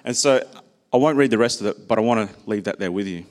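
A man's voice: lowish voice, fast talker, a little mellow. A man preaching a sermon, speaking personally and conversationally and sharing stories about his own children.

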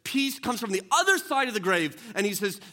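A man preaching an earnest sermon, often restarting phrases and moving between quiet and emphatic passages. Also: sits high, sing-song, brisk. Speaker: pastor.

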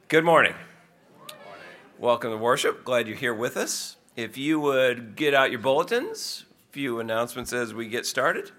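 Bright-voiced pastor making announcements. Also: male voice, mid-range voice, big pitch swings, moderate pace, few pauses. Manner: folksy and conversational, with asides to the congregation. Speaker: pastor giving church announcements. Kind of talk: church announcements.

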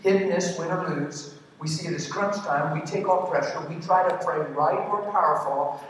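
A preacher with a slightly high voice, delivering an emphatic sermon that keeps throwing questions at the crowd. He is picked up from a distance in a large church hall with heavy echo. A steady murmur of room noise sits behind him. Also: moderate pace. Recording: echoey hall from far off.

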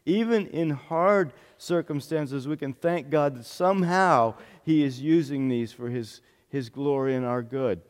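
A man's voice: fairly high pitch, measured pace, a little mellow. A male pastor giving an earnest sermon, often repeating phrases for emphasis. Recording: long hall reverb.

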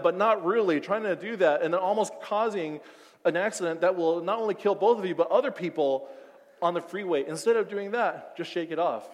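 Man, preacher, animated delivery, loud bursts and hushed lines, slightly high voice, long echo. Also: a little fast. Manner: animated, swings from loud outbursts to soft emphasis. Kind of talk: sermon with acted-out scenarios.

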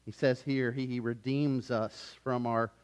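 A man preaching a sermon as pastor, swinging from loud urgency to hushed softness and telling stories in a conversational way with frequent restarts. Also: medium pitch, flat delivery, a little slow, clear, resonant tone. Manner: conversational storytelling with repeated restarts.

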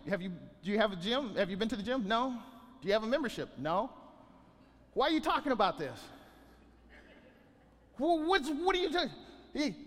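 A man preaches in a voice pitched very high for a man, animated and restless, often stumbling back over his words. His voice rings with a long reverb, as in a large church sanctuary. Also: fairly quick. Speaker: pastor. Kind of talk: sermon.

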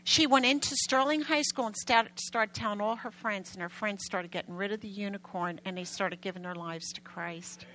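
A woman preaches to her church in an animated, emphatic storytelling manner, often raising her voice. Her tone is bright and forceful, in a mid pitch for a woman. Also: normal speed, hardly any pauses, a little hiss or hum, low-quality recording. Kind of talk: sermon storytelling.

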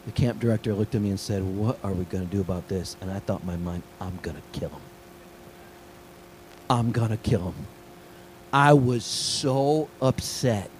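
A middle-aged man preaching a sermon, telling a story with lively swings between hushed asides and excited high points. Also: poor audio. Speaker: pastor.

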